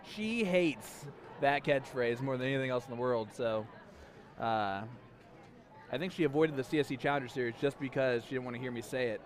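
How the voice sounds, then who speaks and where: A man commentating live darts, playful and teasing, with quick, chatty banter. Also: medium pitch, animated. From USA.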